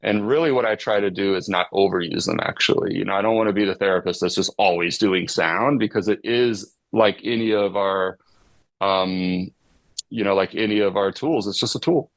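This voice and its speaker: A middle-aged man, a psychotherapist guest explaining ideas with everyday examples in a relaxed podcast chat. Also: deep voice, moderate pace, no echo.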